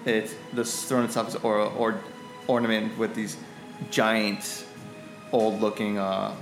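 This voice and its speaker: A man running a tabletop game as game master, narrating in a halting way with many fillers. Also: fairly low pitch, level tone, reverberant, over music, poor audio.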